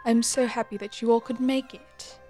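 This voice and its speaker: A woman's voice: on the high side, level tone, moderate pace, dark tone, faint music behind, close to an everyday voice. A woman voicing a gracious young Victorian countess who greets her guests formally in a tabletop role-play. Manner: polite, formal and welcoming.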